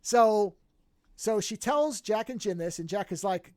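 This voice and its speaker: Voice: medium pitch, normal speed, dry recording, studio quality. A podcast host casually recapping a TV series, telling it with energy and acting out the characters' lines, often restarting and correcting mid-sentence. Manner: animated storytelling, acts out characters' lines.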